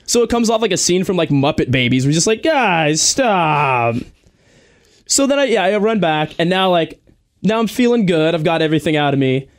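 A man's voice: high-pitched, quick pace. A man, a guest pro wrestler, chatting casually and telling stories with lots of fillers. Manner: animated storytelling, many fillers and laughs. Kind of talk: casual podcast chat.

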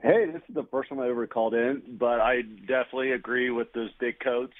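A man's voice: medium pitch, a little fast, dry recording. A man calling in to a radio show for the first time. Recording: tinny phone line.

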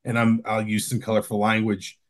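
A man's voice: on the low side, completely flat delivery, a little fast. A young man co-hosting a casual college football talk show, rambling with frequent restarts and telling stories animatedly. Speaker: college football podcast co-host. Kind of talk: casual sports chat.

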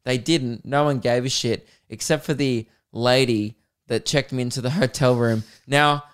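A man's voice: mid-range voice, steady tone, moderate pace, smooth. A man with an Australian accent, hosting a comedy podcast and telling a rambling story while laughing. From Melbourne, Australia.

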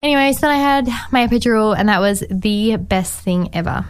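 A woman's voice: mid-range voice, brisk, clear, resonant tone. A woman in her twenties, a guest in a casual chat, telling her story openly and chattily, acting out what people said with lots of "I was like" quotes. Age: 20s. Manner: chatty and animated, acts out others' words with many "I was like" quotes.

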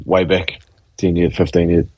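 Husky-voiced modest Kiwi guest. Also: male voice, deep voice, flat delivery, normal speed, a little mellow, no room sound. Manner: easygoing, modest, hesitant with ums. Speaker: guest rugby league player. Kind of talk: casual interview chat.

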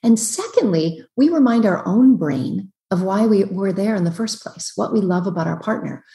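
A woman psychologist joins over a video call and lays out advice in quick, emphatic lists. Her voice sits at an everyday middle pitch and carries a clear, roomy echo from the space she is calling from. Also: lively intonation, warm tone. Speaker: relationship psychologist guest. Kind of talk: podcast interview giving advice. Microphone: computer on a video call.

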